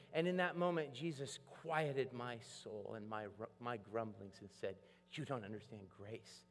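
A man preaching a sermon, telling a story with lively acted-out voices. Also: mid-range voice, measured pace, few pauses. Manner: animated storytelling, acts out voices. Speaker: pastor. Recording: long hall reverb.

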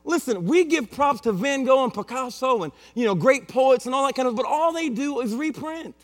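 Male pastor, high voice, measured emphatic sermon, humming hall sound. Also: animated, faint music behind. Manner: emphatic, repetitive preaching with playful asides. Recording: long hall reverb with mains hum.

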